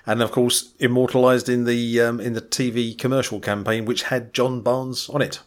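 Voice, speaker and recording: Bloke chatting on a podcast, dry wry asides, plenty of ums. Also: male voice, mid-range voice, level tone, moderate pace. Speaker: podcast co-host. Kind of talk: casual chat.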